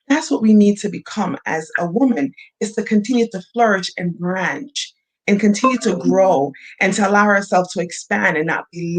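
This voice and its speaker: A woman's voice: mid-range voice, poor audio. A woman life coach being interviewed on a podcast, speaking in an earnest, encouraging way. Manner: earnest and encouraging, with short affirmations.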